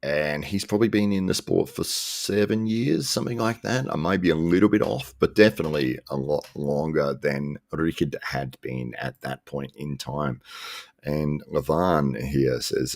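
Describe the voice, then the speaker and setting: A man hosting a casual live stream, chatting in a relaxed, rambling way and chuckling often. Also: very deep voice, moderate pace, gravelly, dry recording, studio quality. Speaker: live show host reading chat.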